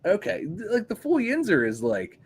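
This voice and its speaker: A man's voice: high voice, normal speed, creaky. A man from the Pittsburgh area hosting a wrestling podcast, talking in a loose, profane, filler-heavy chat. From Pittsburgh area, USA. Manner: animated, swearing, lots of fillers.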